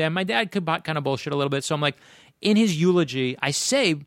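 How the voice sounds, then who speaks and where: A man with a gravelly, fry-laden voice tells personal stories in a close, dry sound. He is from Florida and talks as an author guest in a casual conversation, speeding up as the stories build. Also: fairly high pitch, fast, dry recording. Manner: animated anecdotes, speeds up in bursts.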